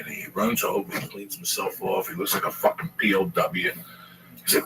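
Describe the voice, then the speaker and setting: Male, loose foul-mouthed storyteller, forceful edge, low pitch, recorded from a distance. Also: a little fast. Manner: rambling, profane, animated storyteller. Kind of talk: casual storytelling chat. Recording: distant mic with faint noise.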